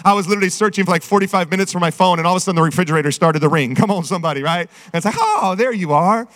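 A middle-aged man preaching a sermon, energetic and calling out to the congregation. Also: sits high, rapid-fire. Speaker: pastor. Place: church sanctuary. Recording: reverberant church hall.

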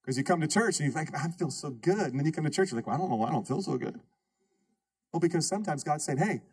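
A man preaching a lively sermon as pastor, calling out questions to his congregation. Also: a little high, husky. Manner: call-and-response preaching, rhetorical questions to the congregation. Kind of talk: energetic sermon. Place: church sanctuary.

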